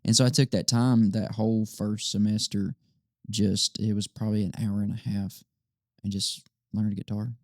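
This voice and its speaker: Young Southern man, podcast guest; low gravelly voice, easygoing chatter. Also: moderate pace, dry recording, clean studio sound. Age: 20s. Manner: relaxed, repeats words, laughs easily. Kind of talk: casual conversation.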